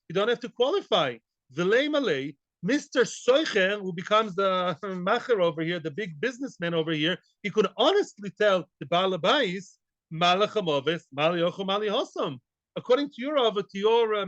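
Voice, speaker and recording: A man teaching a Talmud class, animated and full of rhetorical questions. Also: sits high, dry recording, highs cut off. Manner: animated, rhetorical questions, Yiddish-inflected Hebrew terms.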